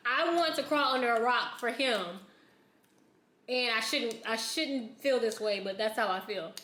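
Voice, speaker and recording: Supportive woman guest, fairly high, bright voice. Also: reverberant. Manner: chatty and supportive, quick to agree. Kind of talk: casual chat.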